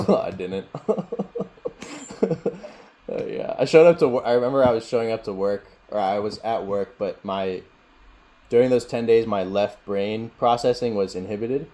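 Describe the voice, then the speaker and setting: A man teaching meditation in a casual Q&A over a video call, talking in a relaxed, rambling way and laughing often. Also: lowish voice, moderate pace.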